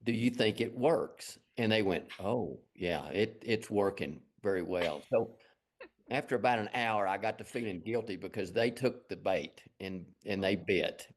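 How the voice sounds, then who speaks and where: Man, West Texas accent, very low pitch, folksy, meandering, self-deprecating. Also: moderate pace. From Lubbock, Texas. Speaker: guest artist. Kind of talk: casual storytelling interview.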